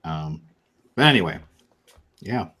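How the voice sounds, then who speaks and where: A man's voice: low-pitched, lively intonation, takes it slowly, pushed and bright, breathy edge. A man hosting a casual live-stream show, rambling and swearing freely with lots of fillers. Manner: rambling and profane, many fillers. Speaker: podcast host.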